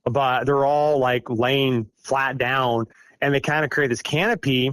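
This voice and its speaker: A man's voice: medium pitch, fairly even intonation, a little slow, fairly bright tone, no echo. A middle-aged man from Iowa, a podcast guest telling a personal story casually, rambling and self-deprecating with many fillers. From Iowa, United States. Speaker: guest recounting an encounter.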